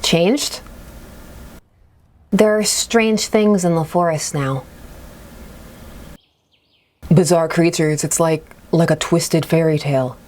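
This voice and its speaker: A woman voicing a village man in a game who stays unnervingly cheery and calm as he speaks. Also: low voice, slow pace, long pauses. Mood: calm, placating. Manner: soft, placating, unnervingly cheery.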